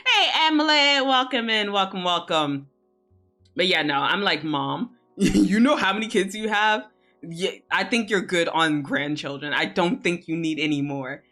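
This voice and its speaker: A woman's voice: on the low side, expressive, measured pace, sharp tone. A young adult woman chatting casually on a live stream, laughing often and swearing freely. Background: faint music.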